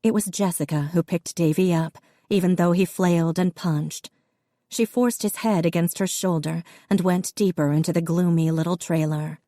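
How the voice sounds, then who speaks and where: A woman narrating a novel as an audiobook in a steady, even storytelling manner. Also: lowish voice, normal speed, no room sound, studio quality. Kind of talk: scripted narration.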